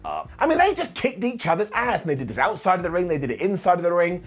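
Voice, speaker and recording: A man's voice: sing-song, fast, soft background music. A man who has lost his voice, reviewing a wrestling show in a jokey, theatrical way. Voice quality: husky. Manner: theatrical, jokey, big swings in pitch. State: hoarse, lost voice. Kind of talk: animated review monologue.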